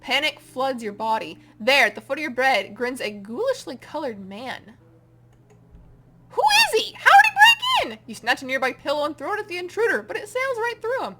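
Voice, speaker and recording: A woman reading a story game aloud as the channel host, dramatic and expressive, going from hushed to loud. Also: high voice, brisk, few pauses, noisy background.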